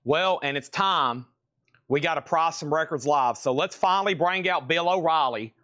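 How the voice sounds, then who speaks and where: A man's voice: on the high side, moderate pace, pushed and bright, no echo, studio quality. A man hosting a live sale stream, rambling and talking to himself as he works, a bit out of breath. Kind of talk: casual live-stream chat.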